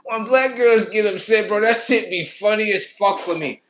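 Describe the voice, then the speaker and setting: A man hosting a livestream, telling crude, comedic stories in an animated, rambling way. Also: high voice, normal speed, slight background noise. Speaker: livestream host. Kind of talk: profane comedic storytelling.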